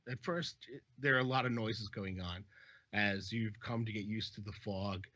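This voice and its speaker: A man narrates a horror tabletop game as the dungeon master, setting each scene with slow, halting description. His voice is husky and forceful, sitting on the low side. The sound is dry and dull, like a lo-fi recording. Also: no room sound. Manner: descriptive, hesitant with fillers.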